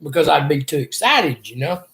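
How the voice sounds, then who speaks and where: A man's voice: fairly high pitch, very animated, normal speed, creaky, a bit bright. An older man, earnestly telling a rambling personal story in an interview. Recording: echoey room.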